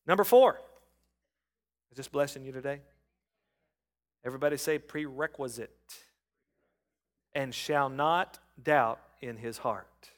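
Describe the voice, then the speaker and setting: A middle-aged man preaching a sermon, calling on the congregation and rising from soft talk to loud shouts. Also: mid-range voice, takes it slowly, pauses often. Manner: calls on the congregation to respond. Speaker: pastor.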